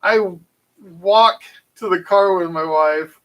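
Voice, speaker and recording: High-voiced man telling a rambling story. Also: slow, poor audio. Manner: animated, rambling anecdote with frequent fillers. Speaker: channel host. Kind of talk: casual storytelling.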